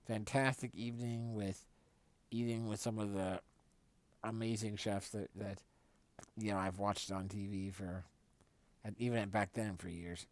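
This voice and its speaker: A man's voice: fairly low pitch, measured pace, long pauses. A man hosting a live stream, telling a casual, rambling story and correcting himself often. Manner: rambling, self-correcting, animated when quoting others.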